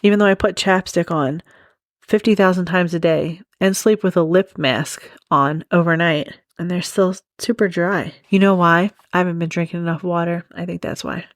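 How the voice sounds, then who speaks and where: A woman's voice: lowish voice, steady tone, normal speed, dry recording, clean studio sound. A young woman hosting a casual true crime podcast, rambling off on tangents and laughing often. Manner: rambling, giggly, goes off on tangents. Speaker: podcast host.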